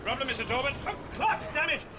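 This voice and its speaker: A man playing a frantic, bossy ship surgeon who barks urgent orders, in a film clip with loud music. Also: very high voice, big pitch swings, fast, heavy background noise. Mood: frantic, commanding.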